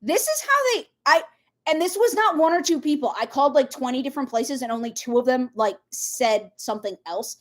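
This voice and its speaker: A high-pitched woman chats through a tarot reading on a casual livestream. She rambles freely and keeps jumping into side stories, animated and talkative. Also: brisk. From Minnesota. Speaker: tarot reader.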